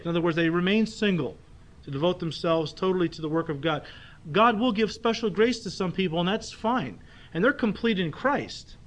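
A male pastor preaching a sermon, emphatic, slowing down to stress key phrases and checking in with the congregation. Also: high voice. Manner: speaks directly to the congregation with rhetorical checks.

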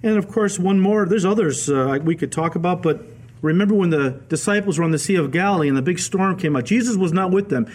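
A male pastor giving a radio Bible teaching sermon, telling the stories in a lively way and acting out the quoted voices. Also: sits high, fast. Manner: animated storytelling, acts out quoted voices.

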